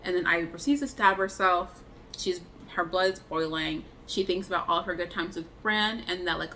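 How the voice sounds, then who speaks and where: A woman's voice: fairly low pitch, normal speed, sharp tone, slight background noise. A young woman giving a casual review, retelling scenes in a chatty way with lots of "like" fillers. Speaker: book and film reviewer.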